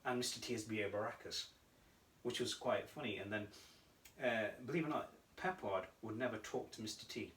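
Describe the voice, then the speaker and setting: A male podcast co-host with a fairly low voice tells stories briskly and with animation, laughing often during the casual chat. The mic sits at a distance, leaving a roomy echo.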